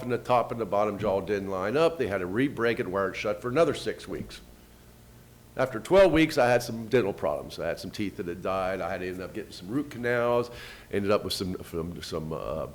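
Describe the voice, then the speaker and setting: Fast-talking man telling his story. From United States. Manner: retells events with quoted dialogue, lively shifts in pitch and loudness. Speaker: invited speaker. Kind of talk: first-person storytelling talk.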